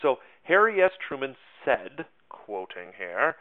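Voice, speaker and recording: A man's voice: mid-range voice, very animated, measured pace, gravelly, few pauses, phone-quality sound. Guy teaching a history class, rambly and jokey, sounds like it's coming through a phone. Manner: chatty, self-mocking asides, many fillers. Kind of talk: casual history lecture.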